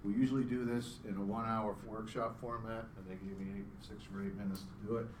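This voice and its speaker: A middle-aged man, a startup founder, giving a chatty, self-deprecating pitch presentation to a live audience and joking with the crowd. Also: level tone, fast. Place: event room with an audience. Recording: roomy sound from a distance, faint background hum.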